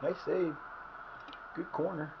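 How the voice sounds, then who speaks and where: Streaming live gameplay commentary from his house, a man with a hoarse, fading voice rambles between the game and his day, swearing freely at his players. He speaks a little high, level and slow, and the audio is slightly muffled with faint hiss behind it.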